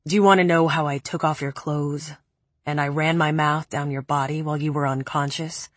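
A woman voicing a cold, cruel young man who speaks calmly and cuttingly in a low, flat tone. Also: moderate pace, no room sound. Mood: cold, menacing.

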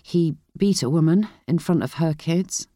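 A reader voicing a woman investigator, quiet and strained, in a storybook narration. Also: mid-range voice, unhurried, no room sound, studio quality, close to an everyday voice. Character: woman investigator, shaken and weary.

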